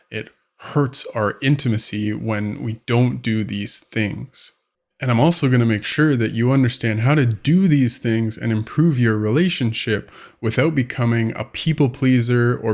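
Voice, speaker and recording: A man who coaches on relationships, talking casually to camera and acting out everyday scenes. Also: mid-range voice. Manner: conversational, acts out scenarios with quoted voices. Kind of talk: direct-to-camera advice vlog.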